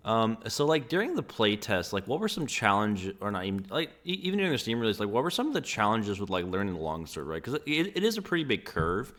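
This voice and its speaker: Excitable man interviewing about a game. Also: on the low side. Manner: excitable, fast storytelling with many fillers. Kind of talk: casual gaming chat.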